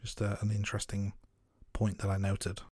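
A man co-hosting a casual film review podcast, talking in a relaxed, thoughtful way with many fillers and restarts. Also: lowish voice, moderate pace, slightly rough, dry recording, studio quality.

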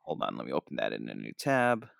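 A man on a podcast, telling an animated, rambling story in casual chat. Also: rumbling low, quick pace, gravelly, no room sound, studio quality. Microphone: podcast microphone.

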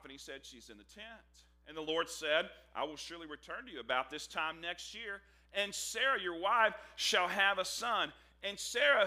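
A man delivers a sermon in a bright, ringing voice that sits slightly high for a man. He tells the scripture story like an animated, joking storyteller, acting out the conversations as he goes. His pitch rises and falls a lot, giving the preaching a lively, expressive feel. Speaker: pastor.

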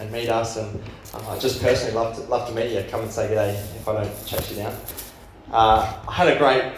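A man's voice: medium pitch, a little hiss or hum. Man preaching in an echoey church hall. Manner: casual storytelling with rising excitement. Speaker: youth and young adults pastor. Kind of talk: sermon.

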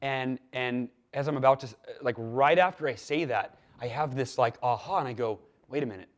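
Animated man telling a story. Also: medium pitch, moderate pace. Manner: animated, acts out quoted dialogue with lively swings in loudness. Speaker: podcast guest. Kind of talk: storytelling in a conversational interview.

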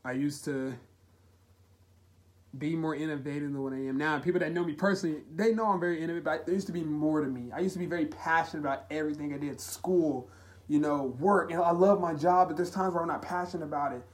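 Earnest young man on a confessional podcast. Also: on the high side. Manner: earnest, halting, emotional, heartfelt. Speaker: podcast host. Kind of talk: solo confessional podcast talk.

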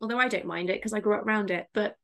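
A woman's voice: medium pitch, fairly bright tone. A woman with a Somerset English accent talks in an easy, frank way, joking with the host. She sounds playful and candid, never stiff. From Somerset, England. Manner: frank, playful, quick to laugh. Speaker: author guest. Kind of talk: casual interview chat.

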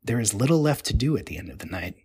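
Husky man reading a wry story. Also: fairly low pitch, very animated, fast talker, dark tone. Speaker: narrator.

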